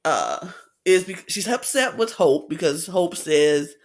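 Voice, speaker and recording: A man co-hosting a podcast, chatting casually as he recaps a reality show and acts out quotes in lively voices. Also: slow pace. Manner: animated retelling, acts out quotes with big pitch swings. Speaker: podcast co-host.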